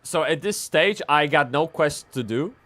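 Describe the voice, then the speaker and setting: A man streaming a game live, rambling and swearing as he swings from excited yelling to low muttering. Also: measured pace. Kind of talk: live gameplay commentary.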